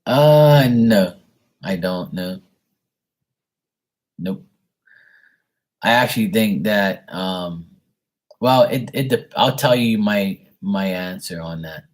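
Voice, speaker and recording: A man with a deep, low voice and a husky, slightly rough tone talks loosely to his viewers. He wanders through his points with plenty of fillers, restarts and blunt swearing. It sounds like an unscripted live-stream reading. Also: expressive, slow, long pauses. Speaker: streamer reading tarot cards for paid questions. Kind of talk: casual live-stream chat.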